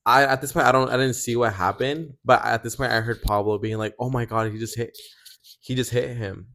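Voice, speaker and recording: A man's voice: mid-range voice, fairly even intonation, brisk, a bit bright. A young man co-hosting a podcast, talking hesitantly and rambling through a story. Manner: hesitant, rambling with fillers and restarts. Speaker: podcast co-host. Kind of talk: casual chat.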